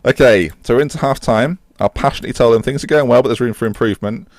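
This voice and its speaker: A young man excitedly commentating on a football management game as he plays, cheering at goals and laughing at the screen. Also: medium pitch, fast talker, no room sound. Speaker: gaming YouTuber and streamer.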